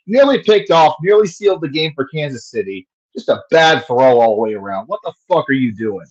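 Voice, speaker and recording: A man's voice: on the high side, lively intonation, normal speed, highs cut off. A man giving casual play-by-play commentary on a fan livestream, profane and frustrated, ranting between plays.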